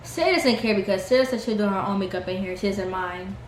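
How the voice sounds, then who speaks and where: A young woman casually recapping a reality show episode, chatty and full of "like", sometimes mimicking the cast in a higher voice. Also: fast. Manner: chatty, heavy use of "like", mimics cast members in higher pitch. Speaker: reality TV reviewer. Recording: echoey room with faint noise.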